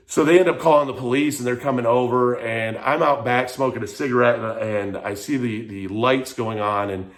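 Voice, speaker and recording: A man's voice: medium pitch, moderate pace. A man frankly telling a personal story in a vlog, emotional and rambling, with lots of "like". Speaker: vlogger.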